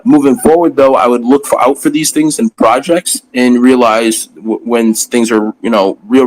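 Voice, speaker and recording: A man's voice: medium pitch, low-quality recording. A man in a casual group voice chat, rambling with frustration and lots of fillers. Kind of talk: casual ranting discussion.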